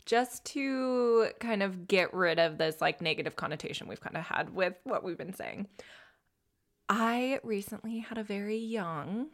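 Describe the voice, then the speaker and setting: A woman's voice: medium pitch, expressive, measured pace. A young woman, an ICU nurse co-hosting a podcast, telling a heartfelt story in casual chat and dropping to a whisper for quoted words.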